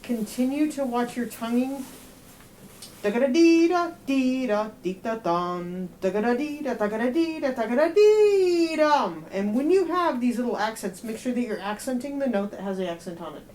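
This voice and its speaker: A woman's voice: a little high, expressive, brisk, few pauses, darkish tone. A woman giving a student one-on-one feedback in a music lesson, direct and explaining with everyday comparisons. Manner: sings rhythms on nonsense syllables. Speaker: euphonium teacher.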